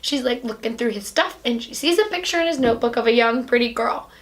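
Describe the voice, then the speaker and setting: A woman's voice: on the high side, expressive, fast talker. A woman hosting a podcast, chatting casually and animatedly as she retells a film, full of "like"s and acted-out quotes. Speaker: podcast host. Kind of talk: casual chat recapping a film.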